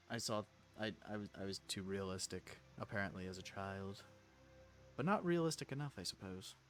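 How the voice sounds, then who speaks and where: A man casually playing a story game, reading its text aloud and adding joking asides. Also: medium pitch. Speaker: let's play streamer. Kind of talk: casual gameplay commentary.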